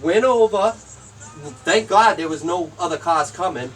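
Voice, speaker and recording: A young man speaks low and deliberately, sounding worn out as he tells his side of the story. He is set back from the microphone, with music playing underneath. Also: fairly bright tone. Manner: low, tired and deliberate, swears often. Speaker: friend telling his side. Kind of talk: casual storytelling. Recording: distant from the mic, music in background.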